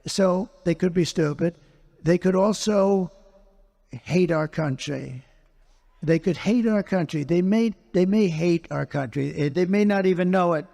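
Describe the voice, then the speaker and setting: A man's voice: sits high, unhurried, vocal fry, dark tone. A man, a politician, answering interview questions in an emphatic, repetitive way, circling back to the same phrases. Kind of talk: unscripted interview conversation.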